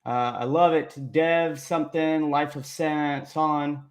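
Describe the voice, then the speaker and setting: A man's voice: a little high, flat delivery, slow. A young man, a coding instructor, hosting a casual livestream and chatting upbeat with viewers, reading their names aloud.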